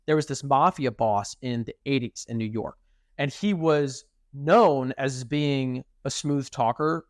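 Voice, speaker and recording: A young man co-hosting a podcast in casual chat, animated and acting out quoted speech. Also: mid-range voice, no echo, studio quality. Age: young adult. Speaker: podcast co-host.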